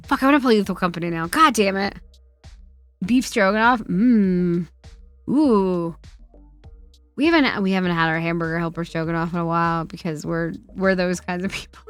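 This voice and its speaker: A woman streaming from home, chatting casually with her chat, swearing a lot and swinging between loud outbursts and quiet muttering. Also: fairly low pitch, normal speed, dry recording, soft background music.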